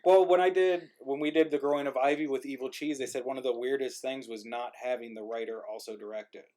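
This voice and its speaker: Speaking fast in a medium-pitched, slightly mellow voice with a steady tone, a male writer-host rambles on a video call. As the playwright behind an online play reading, he's casual and self-deprecating on his call mic.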